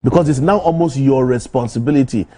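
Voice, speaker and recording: Dark, husky male talk-show panelist. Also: medium pitch, a little fast. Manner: relaxed, conversational, frank opinions. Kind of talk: studio panel discussion. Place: TV studio.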